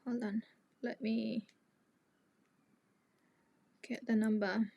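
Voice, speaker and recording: A woman's voice: fairly high pitch, little pitch movement, extremely slow, gravelly, warm tone, no echo. A young woman, a native Tigrinya speaker, hosting a live chat and talking to her viewers in an outspoken, indignant way. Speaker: live stream host.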